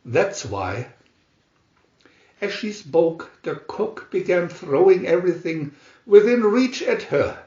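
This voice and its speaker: A man reading a storybook aloud slowly and expressively. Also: sits high, expressive, warm tone. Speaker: storybook reader. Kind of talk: read-aloud storybook narration. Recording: roomy muffled home recording.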